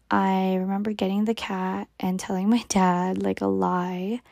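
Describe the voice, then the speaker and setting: A young woman telling a personal story in a casual way, often sinking into a soft half-whisper and using lots of "like"s. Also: medium pitch, little pitch movement, a little slow, vocal fry, no echo.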